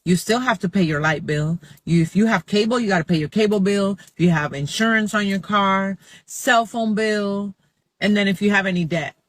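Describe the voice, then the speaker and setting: High-voiced man breaking down math. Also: moderate pace, fairly bright tone, no room sound. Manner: methodical, walking through numbers. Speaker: vlogger explaining wages. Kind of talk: explanatory casual vlog.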